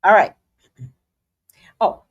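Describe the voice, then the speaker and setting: A woman's voice: very slow, dull audio. A middle-aged woman hosting a casual livestream, playful and dramatic with slangy asides. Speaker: psychic livestream host.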